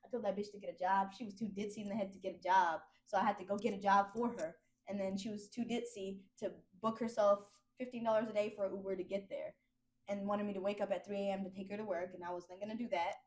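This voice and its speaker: A woman's voice: mid-range voice, steady tone, quick pace, darkish tone. A young woman with AAVE speech talking bluntly and profanely as a podcast host, in casual chat.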